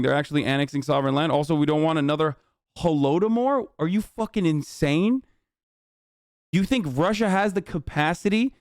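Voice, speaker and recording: A man's voice: fairly high pitch, fairly quick, a little mellow, no echo, clean studio sound. A man hosting a livestream and giving heated political commentary in a combative, profane rant. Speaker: livestream host.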